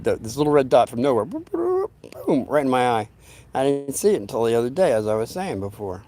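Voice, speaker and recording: A man's voice: medium pitch, a little mellow. A man hosting his own channel, telling a story in a meandering, folksy way, often breaking off into asides. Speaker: channel host telling stories. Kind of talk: rambling casual storytelling.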